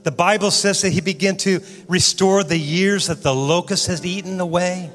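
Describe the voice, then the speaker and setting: A man preaching a sermon in a church, swinging from loud exhortation to soft, quiet prayer. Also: high voice, normal speed. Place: church sanctuary. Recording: church hall reverb with guitar music.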